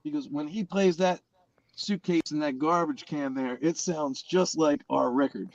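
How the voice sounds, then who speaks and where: A man's voice: fairly high pitch, a little slow, muffled recording, slight background noise. A middle-aged man, a guest drummer, telling stories in casual chat, acting out people's voices and swearing freely over a video call.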